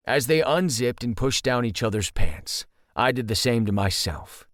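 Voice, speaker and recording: A man's voice: medium pitch, animated, normal speed, few pauses, fairly bright tone, no echo. Man reading a first-person audiobook, dry close sound. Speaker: audiobook narrator.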